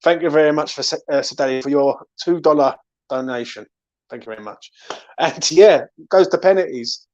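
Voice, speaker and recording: A man's voice: on the high side, normal speed, darkish tone, muffled recording, slight background noise. A man hosting a fan channel, ranting angrily about a football match and swearing often. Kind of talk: angry football fan reaction.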